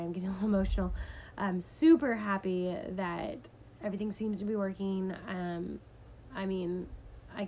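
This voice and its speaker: A chatty woman talking straight to her viewers in a relaxed home-video way, her voice sitting at an ordinary middle pitch. She rambles earnestly, leaning on ums and likes as she explains things. A faint hiss of noise hangs behind her. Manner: chatty, many fillers, earnest. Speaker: vlogger sharing pet care tips. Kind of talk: casual chat to camera.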